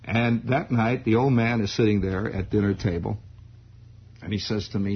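Gravelly, husky male storyteller. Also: lowish voice, moderate pace. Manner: wry, animated, chuckling. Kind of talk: spoken storytelling monologue. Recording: dull lo-fi recording.

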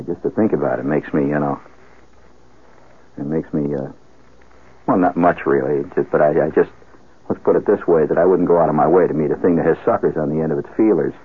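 A man telling a rambling comic story on the radio, animated and full of asides and restarts. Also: rumbling low, breathy edge. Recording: tinny phone-like old radio broadcast.

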